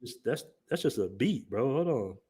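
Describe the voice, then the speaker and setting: With music playing behind him, a young Southern man hosts a livestream in a medium-pitched voice with lively intonation and a moderate pace. He has an African American Vernacular English accent, talks in a loose, jokey, slang-filled way, and reads the chat aloud.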